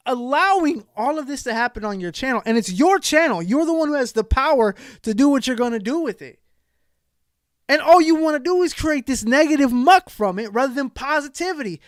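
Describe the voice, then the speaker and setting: A man's voice: extremely high pitch, dry recording. Brief: male commentary host, heated exasperated rant, close dry mic. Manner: heated, exasperated, swings between shouting and muttering.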